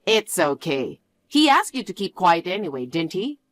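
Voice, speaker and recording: A woman voicing a middle-aged mother, a future mother-in-law, who speaks quietly and apologetically in a story told through acted dialogue. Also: lowish voice, very animated, moderate pace, no room sound. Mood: apologetic.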